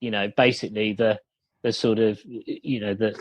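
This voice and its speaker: A man's voice: on the low side, level tone, moderate pace, no room sound, muffled recording. Rambling man telling a story. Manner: rambling, many fillers and restarts, laughs often. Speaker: guest, company founder. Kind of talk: casual storytelling over a call. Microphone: video call.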